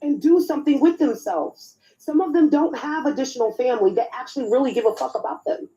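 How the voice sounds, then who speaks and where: A woman with a high but mellow voice argues on an online podcast panel, blunt and pleading, dropping casual swears. Her audio is dull and lo-fi. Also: fairly quick. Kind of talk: heated panel argument.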